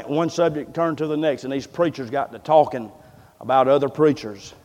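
A man's voice: medium pitch, a little mellow. A man preaching a sermon, impassioned and folksy, often repeating words as he builds up. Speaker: pastor. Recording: long reverb of a large hall.

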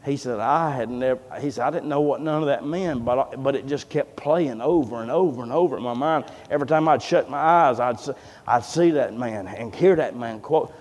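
A man's voice: medium pitch, brisk, darkish tone. A man preaching a sermon, telling a long story and acting out the voices of the people in it. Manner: folksy storyteller, acts out quoted voices. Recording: long hall reverb.

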